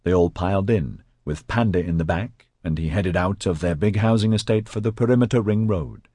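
A man narrating an audiobook in a steady, even storytelling manner on a close studio mic. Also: low-pitched, brisk, breathy edge, no room sound. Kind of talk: scripted narration.

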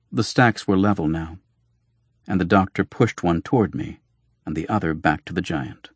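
Low, husky male narrator. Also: no room sound, clean studio sound. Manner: measured, formal storytelling. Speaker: audiobook narrator. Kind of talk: scripted narration.

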